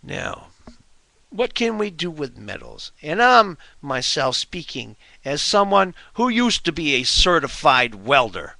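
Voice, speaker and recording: A man's voice: fairly high pitch, big pitch swings, a little slow, creaky, pushed and bright, dry recording. A man giving a heated, scornful monologue to his webcam at home, full of rhetorical questions. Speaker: video blogger. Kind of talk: ranting monologue to camera. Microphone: webcam mic.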